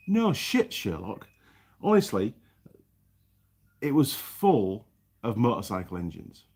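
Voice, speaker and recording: A husky-voiced man hosts a casual live stream, chatting away and welcoming viewers by name. His pitch swings up and down all the time, jumping high as he greets people. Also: slow, pauses often. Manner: chatty, reads viewer names aloud with lively greetings. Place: home workshop in New Zealand.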